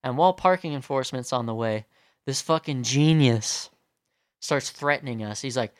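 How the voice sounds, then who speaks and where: A man's voice: medium pitch, normal speed, clear, resonant tone, no room sound, clean studio sound. A young man telling a story in a casual, profane rant full of fillers. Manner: profane, animated, many fillers.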